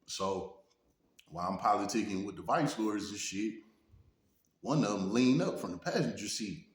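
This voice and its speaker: Laid-back Detroit man, low voice, spinning a street story in a roomy room. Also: normal speed. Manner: laid-back, peppers talk with "you know what I'm saying". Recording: roomy echo.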